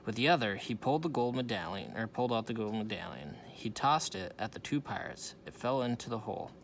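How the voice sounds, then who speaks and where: A man's voice: on the low side, sing-song, a little fast, gravelly. A man reading a children's storybook aloud, with small slips he corrects as he goes. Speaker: reader.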